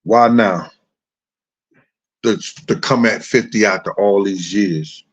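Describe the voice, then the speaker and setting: A man's voice: takes it slowly, breathy edge, muffled recording. A man hosting a casual commentary show, talking straight to his viewers in street slang. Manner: animated, swings into high put-on voices and laughs.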